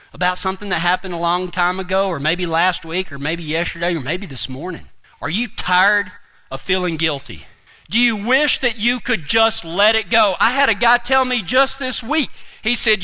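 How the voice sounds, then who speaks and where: A man preaching a sermon, telling a funny story in an animated, folksy way. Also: sits high, moderate pace. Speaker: pastor.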